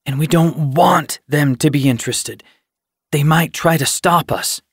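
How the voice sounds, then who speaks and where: A man's voice: fairly high pitch, unhurried, breathy edge, no echo, clean studio sound, pitched above the performer's own voice. A man voicing a wary, guarded young warrior tomcat in an audiobook. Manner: guarded, tense.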